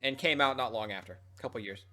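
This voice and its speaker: A young man streams and tells a meandering story to his chat, full of swearing and jokes at his own expense. His voice is bright and forceful, with a little game music playing faintly underneath. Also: medium pitch, fast talker. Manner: rambling, profane, self-mocking.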